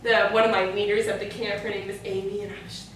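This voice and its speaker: A woman's voice: mid-range voice, flat delivery, fast. A woman co-hosting a book club chat, telling a personal story animatedly with fillers and laughs. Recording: echoey room, far from mic, faint noise.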